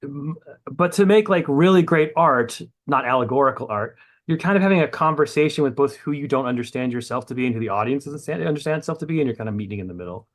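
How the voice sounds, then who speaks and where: A man's voice: mid-range voice, lively intonation, quick pace. A man being interviewed on a podcast, rambling and self-mocking, swearing casually and restarting his sentences often. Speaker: comic book writer guest.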